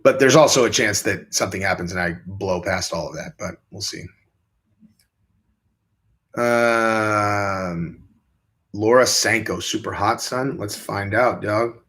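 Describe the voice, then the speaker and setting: A man's voice: slow pace, long pauses, fairly bright tone. Rambling crude man on a livestream. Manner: rambling, crude, jumps into high mocking voices when quoting. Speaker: livestream host. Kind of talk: casual livestream chat.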